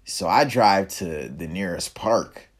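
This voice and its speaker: This young male vlogger has a low voice and speaks slowly but animatedly. He tells a personal story in casual, reflective speech, with quiet dips and sometimes emphatic rises.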